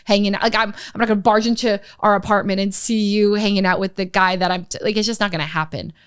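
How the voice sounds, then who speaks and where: A woman's voice: mid-range voice, fast talker, clean tone, no echo, clean studio sound. A young woman chatting casually as a podcast guest, telling a long personal story with lots of fillers. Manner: storytelling, animated, many fillers. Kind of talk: casual chat.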